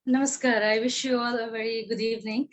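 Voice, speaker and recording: A woman's voice: a little high, fairly even intonation, fast talker. A woman reciting her own poem on a video call, repeating lines for emphasis, her voice tiring. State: voice tiring, coughing. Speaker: poet reading her work. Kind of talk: poetry recital.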